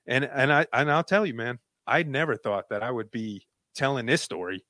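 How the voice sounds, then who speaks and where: A man's voice: mid-range voice, moderate pace, pushed and bright, no room sound. Earnest man in his thirties. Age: 30s. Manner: earnest, rambling, many fillers. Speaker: guest. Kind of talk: emotional personal story, casual.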